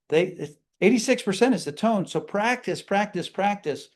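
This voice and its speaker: A man's voice: high-pitched, animated, moderate pace, hardly any pauses. A man leading a customer service training seminar, speaking energetically and acting out sample greetings.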